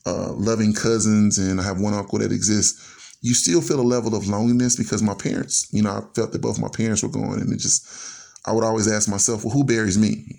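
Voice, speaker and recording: Gravelly low-voiced man telling his story. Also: darkish tone. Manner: earnest and reflective, strings thoughts together with "and so". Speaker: podcast guest telling his life story. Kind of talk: personal storytelling.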